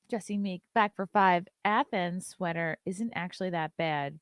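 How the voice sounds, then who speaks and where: A woman's voice: fairly low pitch, slow pace, no echo, clean studio sound. A woman hosting a live-stream show, chatting loosely, reading viewer messages aloud and swearing casually.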